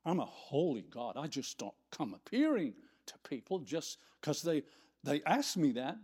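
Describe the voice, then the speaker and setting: A man's voice: on the high side, big pitch swings, unhurried, a little mellow, breathy edge, heavily acted. God as a fatherly deity, as a man puts him on. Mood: patient. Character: God speaking to Moses, patient fatherly deity.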